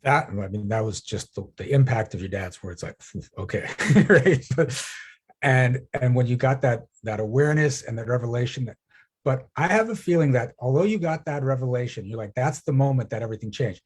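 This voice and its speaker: A male host asking a guest quick, encouraging questions, often laughing. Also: mid-range voice, expressive, breathy edge. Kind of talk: supportive interview questions.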